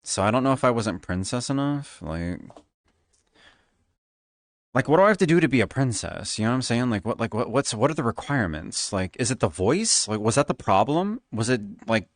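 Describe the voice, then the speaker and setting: A flamboyant man chatting on stream, a little tipsy and slipping into a Valley Girl lilt. His pitch swoops up and down with a lot of life, and the sound is dry and close, with no room echo. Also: fairly quick. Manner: flamboyant, animated. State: tipsy from drinking. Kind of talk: casual stream chat.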